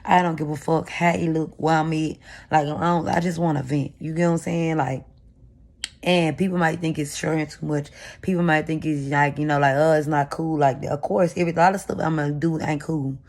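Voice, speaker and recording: A woman's voice: low-pitched, steady tone, a little fast, vocal fry, darkish tone. A woman vlogger talking candidly to camera, rambling and confessional as she vents. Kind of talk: venting to camera. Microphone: camera mic.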